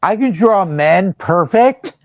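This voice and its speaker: A man from Seattle chatting casually on a video call, telling animated, slangy stories. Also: high voice, slow, no room sound, lo-fi sound. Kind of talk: casual chat.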